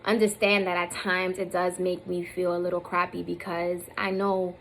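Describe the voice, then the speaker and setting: Recorded roughly on a self-facing phone or camera with a little hiss or hum, a woman in her thirties vlogs in a candid, rambling way full of fillers, occasionally near tears. Her voice is on the low side and a bit bright, with little pitch movement and normal speed.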